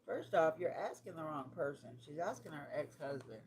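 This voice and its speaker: A woman's voice: deep voice, lively intonation, normal speed. Blunt, cussing woman streamer, noisy recording. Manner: blunt, profane, exasperated. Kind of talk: casual chat while decorating cakes.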